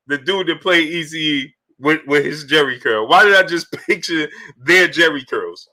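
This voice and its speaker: A man's voice: on the high side, a little slow, bright, forceful tone. A man hosting a boxing livestream in casual chat, greeting viewers by name as he talks loosely.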